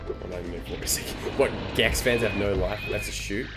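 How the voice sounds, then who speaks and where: A man's voice: lowish voice, a little fast. A man chatting casually on a live stream, rambling through stories and swearing freely. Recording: game music behind.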